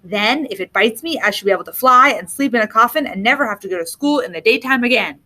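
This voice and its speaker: A woman's voice: fairly high pitch, lively intonation, fast talker, pushed and bright. A woman reading aloud, voicing a teasing, know-it-all older brother full of fanciful ideas.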